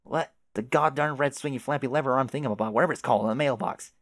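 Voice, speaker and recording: A flustered, excitable teenage girl blurts out stammering, frantic exclamations in a raised, high-pitched voice, as a man reading a webcomic puts her on. The sound is close and dry, with no room around it. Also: quick pace, no echo, natural voice.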